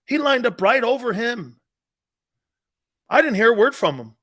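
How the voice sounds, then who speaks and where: A man's voice: very high-pitched, sing-song, moderate pace, fairly bright tone. A middle-aged man hosting a live sports talk show, brash and opinionated, mocking pundits and laughing at his own points.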